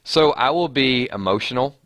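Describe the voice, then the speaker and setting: A man's voice: medium pitch, animated, moderate pace, fairly bright tone, no echo, clean studio sound. A man hosting a live stream, chatting casually and reading viewer comments aloud with frequent restarts.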